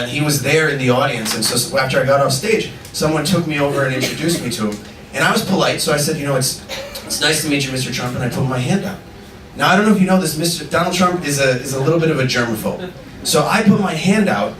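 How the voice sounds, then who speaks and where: A man doing a stand-up comedy set, telling animated stories built up to punchlines. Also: fairly high pitch, quick pace. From Indian and American. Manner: energetic, animated storytelling with punchlines. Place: large live venue with audience. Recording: echoey live venue, mic heard from far off, audience noise.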